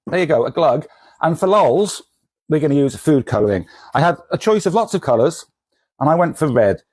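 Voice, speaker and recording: Comic shop guy, bouncy pitch, dry close sound, rambling and self-mocking. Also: sing-song, fairly quick, a little mellow, breathy edge, dry recording. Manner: rambling, self-deprecating and jokey. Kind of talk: casual vlog with a kitchen science demo.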